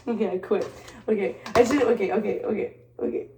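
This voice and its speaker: A woman's voice: medium pitch, a little fast, warm tone, a little hiss or hum. Brief: playful woman vlogger with a mixed, partly British-sounding accent, casual chat recorded from a distant camera in an echoey room. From Detroit. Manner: playful, laughs often, switches into French. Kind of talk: casual chat while working.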